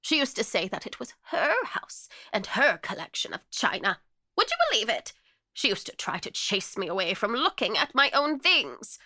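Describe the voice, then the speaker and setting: Woman reads a possessive, ghostly old maid for an audio story; hushed one moment, wailing the next, with a lively, bright voice. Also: medium pitch, moderate pace, no echo, studio quality, voice pushed up. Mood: jealous. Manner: shifts from wistful whispers to jealous wails. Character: eccentric, secretive old spinster, possessive and ghostly.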